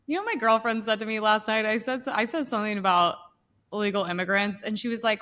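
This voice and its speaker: A woman's voice: medium pitch, fast talker, fairly bright tone. A woman co-hosting a podcast, talking politics in a blunt, heated, profane way. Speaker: podcast co-host. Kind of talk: casual political chat.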